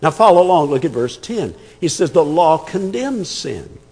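A man's voice: on the high side, sing-song, normal speed, a little mellow, breathy edge, in a large hall. A man preaching an expository sermon, emphatic and conversational, repeating words as he thinks. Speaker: pastor.

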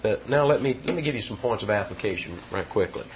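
A man's voice: fairly low pitch, lively intonation, fast, highs cut off, slight background noise. A man preaching an expository sermon, teaching verse by verse with emphatic repetitions.

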